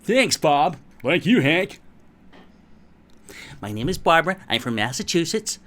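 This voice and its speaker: A man's voice: a little high, sing-song, measured pace, fairly bright tone, pitched above the performer's own voice. An Australian man putting on a chirpy American woman. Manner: cheesy, bubbly, over the top. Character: chirpy, over-eager American woman introducing herself.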